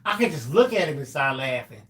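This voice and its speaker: A man's voice: mid-range voice, big pitch swings, brisk, a bit bright. A man co-hosting a live crafting stream, chatting casually and telling stories. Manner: chatty, breaks into song. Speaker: co-host. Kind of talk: casual livestream chat.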